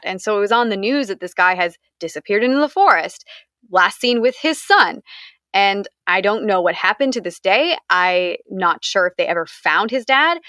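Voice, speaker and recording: A woman's voice: medium pitch, a bit bright, dry recording, clean studio sound. A young woman from the United States, candidly recounting a personal story in an interview, talking conversationally with frequent fillers.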